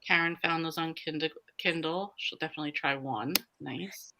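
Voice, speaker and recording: A woman's voice: low-pitched, normal speed, background noise. A woman from the American South hosting a live reading sprint, chatting casually and reading viewer comments aloud. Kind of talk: casual livestream chat.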